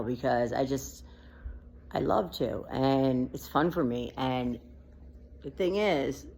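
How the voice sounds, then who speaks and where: A woman with a child rambles emotionally in an unedited personal vlog, close to tears as she speaks off the cuff. Her voice is extremely low and gravelly, a little mellow, with a slight hiss or hum in the sound.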